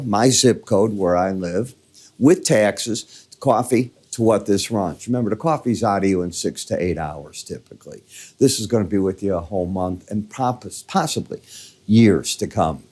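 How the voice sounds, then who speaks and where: A man's voice: on the low side, animated, normal speed, a little mellow. An older man with a Midwestern American accent giving chatty, conversational market commentary, walking through charts with folksy asides.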